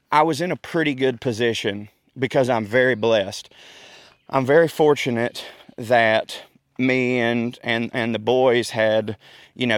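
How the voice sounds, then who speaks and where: Southern male host, mid pitch, folksy and winded, dry close sound. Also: no echo. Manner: folksy, chatty, laughs often. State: out of breath. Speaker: podcast host. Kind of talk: casual outdoor rant. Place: outdoors in a park.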